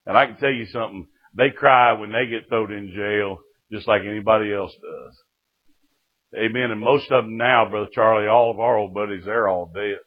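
A man giving a folksy sermon testimony, rising to shouts and dropping to hushed storytelling. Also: on the low side, steady tone, moderate pace. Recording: tinny phone-like recording.

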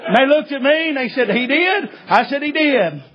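Male preacher, very high husky voice, folksy storyteller, dull lo-fi recording. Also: lively intonation, normal speed. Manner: folksy, repetitive, many "uh" fillers, rising to shouts. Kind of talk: sermon storytelling.

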